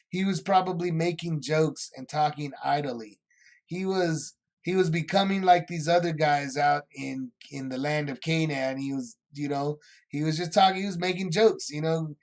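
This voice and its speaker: Male Bible study teacher, fairly high voice, casual and rambling, acts out scenes.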